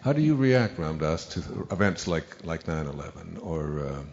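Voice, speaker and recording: Really deep voiced guy asking rambling earnest questions, muffled, faint hum behind. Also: sing-song, moderate pace, creaky, darkish tone. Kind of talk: conversation on stage. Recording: muffled recording with faint room noise.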